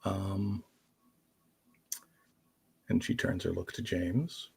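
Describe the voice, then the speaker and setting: A man narrating as game master in a tabletop game, in a relaxed, descriptive way with small hesitations. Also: deep voice, very slow, vocal fry, husky.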